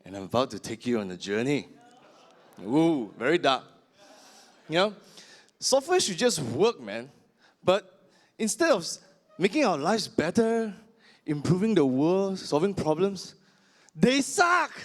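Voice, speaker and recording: Loud and theatrical, this man works through his stand-up set at a measured pace, exaggerating every joke. His fairly high voice swoops wildly across a broad pitch range.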